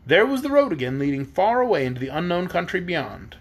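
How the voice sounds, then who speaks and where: A man reads a children's storybook aloud at bedtime with a lively, expressive voice. His pitch is high and moves a lot. The tone is husky. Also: fairly quick. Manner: expressive, voicing the characters. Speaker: reader.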